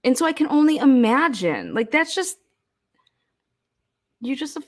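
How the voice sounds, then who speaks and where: A woman's voice: high-pitched, big pitch swings, unhurried. A middle-aged woman telling stories in a casual monologue, profane and exasperated, acting out quoted voices. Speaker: commentator on a criminal case.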